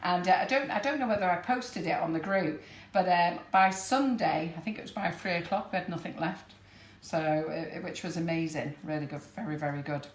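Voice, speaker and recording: A woman's voice: lowish voice, fairly quick, few pauses. Chatty northern English woman baking. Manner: chatty and warm, laughs often. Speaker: baking demonstrator. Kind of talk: live baking demonstration chat. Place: kitchen. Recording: roomy kitchen with background noise.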